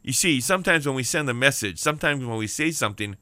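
A man's voice: mid-range voice, expressive, fast talker, pushed and bright, no room sound. A man preaching a sermon on the radio, emphatic, repeating key lines and calling out for amens. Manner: emphatic preaching with repeated phrases and call-outs for amen.

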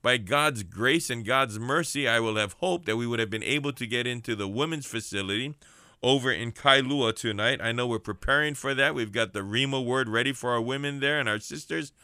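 A fervent man delivers a radio sermon, his voice bright and forceful. He builds his points through rhetorical repetition, and the sound is close and dry with no room behind it. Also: medium pitch, a little fast, smooth, no echo. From Hawaii. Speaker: radio preacher and prison minister. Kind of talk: radio sermon and shout-outs.

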